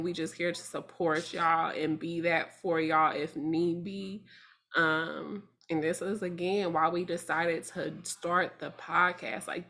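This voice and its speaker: A woman's voice: fairly low pitch, fairly bright tone. A woman co-hosting a podcast, speaking heartfelt and emphatic with slang. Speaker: podcast co-host. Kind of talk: casual chat.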